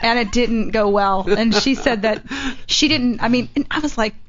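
A woman with a slightly high voice hosts a casual chat at a moderate pace, telling rambling stories full of restarts. The recording is muffled and lo-fi with a faint hiss.

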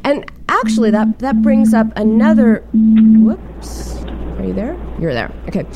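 A middle-aged woman hosting a casual interview, chatty and animated as she tells stories. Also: a little high, a little slow, slight background noise. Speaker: show host.

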